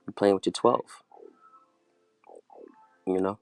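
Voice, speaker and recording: A man's voice: low voice, little pitch movement, moderate pace, creaky, a little mellow, no room sound, soft background music. A man giving a loose, bragging monologue as a streamer, rambling and saying "you know" at nearly every turn. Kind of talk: boastful freewheeling monologue.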